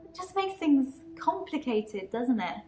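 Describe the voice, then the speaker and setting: Earnest troubled girl patient, kinda high voice, roomy sound w music. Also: big pitch swings, measured pace, over a noisy crowd. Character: troubled young woman patient claiming shapeshifting. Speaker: game character.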